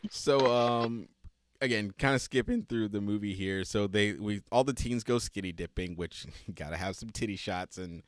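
A man with a fairly low voice, speaking at a normal speed, co-hosts a podcast and recaps a movie in casual chat. He laughs often and tells the story in an animated way.

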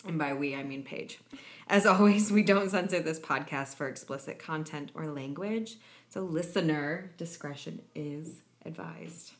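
A woman in her thirties co-hosts a podcast with a lowish voice. She chats casually and teases her co-host often. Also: unhurried. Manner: joking, teasing. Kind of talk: casual chat.

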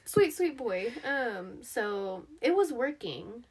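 A woman's voice: on the high side, slow, breathy edge. A woman in her thirties, a mother of four, co-hosting a casual chat and telling family stories with lots of laughter. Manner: chatty, animated storyteller who laughs easily. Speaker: podcast co-host.

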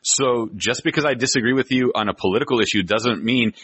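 A man's voice: medium pitch, fast talker, fairly bright tone, slightly rough, no echo. A man hosting a podcast, talking in an easygoing casual way and often adding short agreements. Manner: easygoing, frequent brief agreements. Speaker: podcast host.

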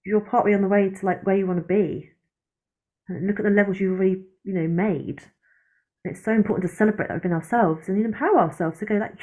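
A woman's voice: medium pitch, steady tone, fast, mellow, dull audio. Encouraging female relationship coach. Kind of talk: casual chat.

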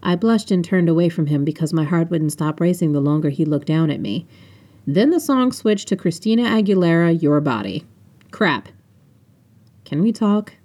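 A woman's voice: on the low side, lively intonation, brisk, dark tone. A woman reading her own first-person audiobook, unedited, with casual asides. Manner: casual narration with offhand asides. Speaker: author and audiobook narrator.

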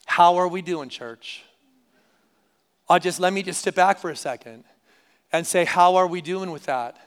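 A male pastor delivers a sermon in a high, smooth voice. He talks in a relaxed, conversational way and repeats key lines for emphasis. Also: a little slow. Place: church service.

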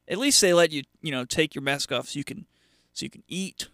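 A male radio host talking off the cuff in a bright, crisp voice, sarcastic and rambling. His speech is full of fillers and restarts. The sound is close and dry. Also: fairly high pitch, animated, brisk, dry recording. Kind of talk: casual solo radio monologue.

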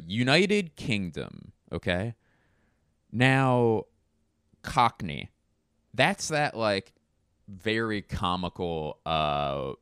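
A man with a low, smooth voice delivers a rambling comic monologue. He is self-mocking and curses freely, and the recording is close and dry. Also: a bit bright, dry recording.

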